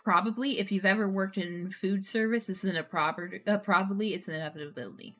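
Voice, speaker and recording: A woman streamer reacting to posts and telling stories in an animated, profane, ranting way. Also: medium pitch, fast talker, faint music behind. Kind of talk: casual storytelling stream.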